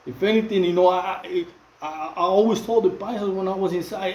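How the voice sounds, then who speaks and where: Middle-aged Mexican man, fairly high voice, halting slang-heavy phone monologue. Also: fairly even intonation, darkish tone, echoey room, highs cut off. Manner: repetitive, many fillers and restarts, street slang. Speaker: channel host. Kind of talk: casual monologue to camera.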